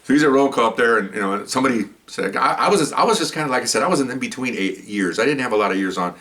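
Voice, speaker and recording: Former cop, casual storyteller, stumbles over his words, mid-pitched, sits back from the mic. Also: expressive, racing, fairly bright tone, recorded from a distance. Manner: rambling, stumbles and repeats words, acts out quotes. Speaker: former police officer.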